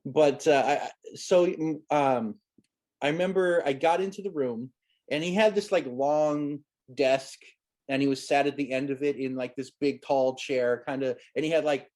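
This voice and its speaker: A man's voice: a little high, moderate pace, a little mellow. A man in his thirties, a guest telling stories from his childhood acting days in a rambling, amused way with many restarts. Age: 30s. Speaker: guest, former child actor. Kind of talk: casual storytelling interview.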